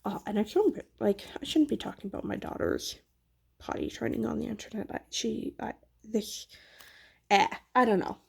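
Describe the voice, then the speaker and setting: Craft vlogger lady just chatting, low mellow voice, kinda husky, rambly and honest. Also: moderate pace. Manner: rambling, candid, self-deprecating. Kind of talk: casual chat while crafting.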